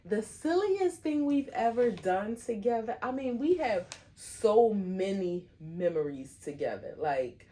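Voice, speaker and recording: A middle-aged woman, co-hosting a casual couple podcast in a relaxed, affectionate, teasing way. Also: medium pitch, a little slow, few pauses. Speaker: podcast co-host.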